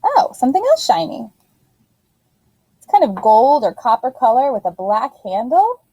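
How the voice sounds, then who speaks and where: A woman teacher giving a phonics lesson to young children in an animated, sing-song voice. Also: sits high, moderate pace, slightly rough, no echo, poor audio.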